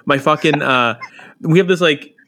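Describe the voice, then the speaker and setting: A man's voice: fairly high pitch, normal speed, bright, forceful tone. A man co-hosting a podcast, rambling through stories in casual chat and swearing freely. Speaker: podcast co-host. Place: Chicago area.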